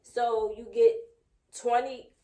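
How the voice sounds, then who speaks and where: A woman in her thirties co-hosts a casual podcast chat, talking frankly and emphatically. Her voice sits fairly high, and the room around her has a noticeable echo. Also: level tone, slow pace, mellow. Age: 30s. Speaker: podcast co-host. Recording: echoey room.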